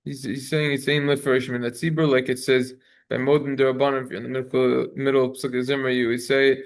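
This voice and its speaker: A man's voice: mid-range voice, little pitch movement, fast talker. A man teaching a religious law class, chanting Hebrew passages and then explaining them in a conversational way. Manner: reads Hebrew text in a singsong chant, then translates; conversational, self-correcting. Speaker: rabbi teaching a halacha class. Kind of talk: Talmudic study lesson.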